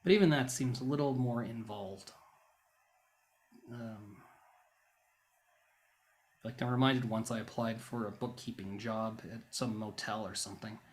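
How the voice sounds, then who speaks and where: A man's voice: lowish voice, steady tone, unhurried, long pauses. Ranting, self-mocking man on a vlog. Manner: flares into loud bursts. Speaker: YouTuber. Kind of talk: rambling casual monologue.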